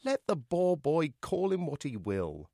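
A man's voice: on the high side, huge pitch swings, a little slow, warm tone, no room sound, clean studio sound, pitched above the performer's own voice, full character voice. A man voicing a pompous, jovial elderly vicar who likes to sermonize. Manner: sermonizing, self-satisfied.

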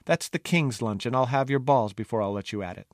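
A man voicing a large, quick-tempered head cook, a woman who talks in gruff threats. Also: high-pitched, very animated, dry recording, studio quality, pitched above the performer's own voice. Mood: threatening.

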